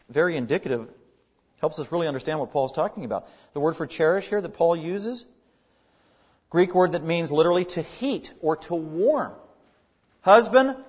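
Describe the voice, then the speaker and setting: A man's voice: on the high side, a little mellow, breathy edge. Earnest man preaching, lo-fi recording. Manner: earnest, emphatic preaching with rising stress on key words. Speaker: pastor. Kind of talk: sermon.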